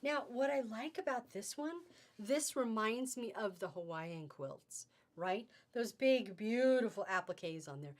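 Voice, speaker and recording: A woman's voice: on the high side, animated, unhurried. Chatty woman hosting a live fabric sale. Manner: chatty and gushing, laughs often.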